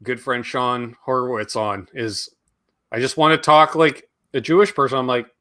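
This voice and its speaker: A man's voice: mid-range voice, steady tone, normal speed, pushed and bright. A man from Canada hosting a video-call chat, blunt and profane in his remarks. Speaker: host. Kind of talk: casual chat.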